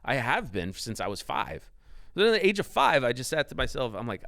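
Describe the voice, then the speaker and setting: A man's voice: mid-range voice, big pitch swings, moderate pace, a bit bright, no room sound, clean studio sound. A man speaking as a podcast guest, telling his story emphatically and swearing freely. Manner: emphatic and profane, driving storyteller. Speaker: podcast guest, company founder. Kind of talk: casual interview.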